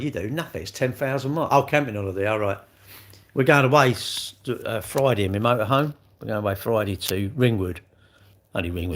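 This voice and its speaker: A man, chatting bluntly with viewers on a livestream, swearing freely and calling everyone mate. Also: fairly low pitch. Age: 60s. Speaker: livestream host. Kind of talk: casual chat reading live comments.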